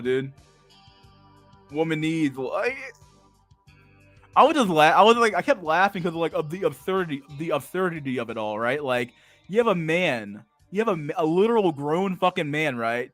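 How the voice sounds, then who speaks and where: A man's voice: a little high, lively intonation, a little fast, a bit bright, faint music behind. Stammering, profane man ranting on stream. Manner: profane, stammering repetitions, frequent laughter. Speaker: streamer reading and reacting to chat. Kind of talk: casual livestream rant.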